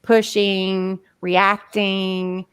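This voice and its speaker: A woman's voice: mid-range voice, flat delivery, very slow, fairly bright tone, clean tone, dry recording. Woman, casual podcast talk, chatty, filler words, dry sound. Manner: chatty, many "like" fillers, acts out inner voices.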